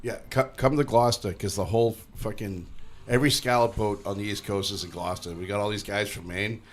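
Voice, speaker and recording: A man's voice: fairly low pitch, fairly even intonation, fairly quick, slight background noise. A man in casual podcast chat, telling stories and dropping into put-on voices for the people he quotes. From northeastern United States. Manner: storytelling with put-on voices, profane. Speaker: podcast co-host.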